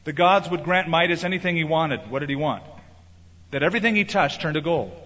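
A middle-aged pastor delivers an emphatic sermon in a somewhat high voice. He leans into key words and slips into other voices for quoted lines. The recording carries the long echo of a large church sanctuary and sounds slightly muffled. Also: lively intonation, a little fast, a bit bright. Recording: reverberant hall, slightly muffled.

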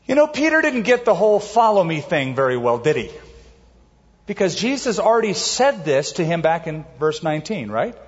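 A man preaching a sermon as a pastor, emphatic, slowing down to stress key words. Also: high voice, very animated. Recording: dull audio with long hall reverb.

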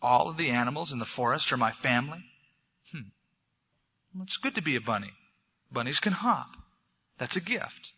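A man voicing a kind, lonely young male bunny who speaks earnestly and gently. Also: mid-range voice, animated, normal speed, long pauses, breathy edge, in a large hall, exaggerated voice. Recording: dull lo-fi recording.

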